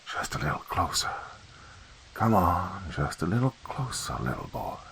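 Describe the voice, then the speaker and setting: A man voicing a cruel cave monster in a horror story, with a choked, hissing whisper that is slow and taunting. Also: low voice, big pitch swings, fairly bright tone, exaggerated voice. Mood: luring.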